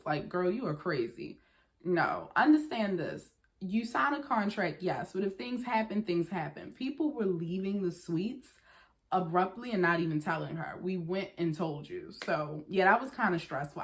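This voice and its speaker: A young woman vlogs straight to the camera in a loose, chatty storytime monologue. Her voice sits a little low for a woman, and she keeps slipping into quick quoted voices as she retells what people said to her. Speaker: vlogger.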